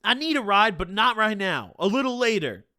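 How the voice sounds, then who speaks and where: A mumbling, easygoing older man in his fifties, as a storyteller puts him on, talking low and loose. He sounds bright and lively even when he mutters, and the sound is close and dry. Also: moderate pace, no room sound, full character voice. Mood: laid-back mumbling. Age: 50s. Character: older man, mellow, easygoing street hustler.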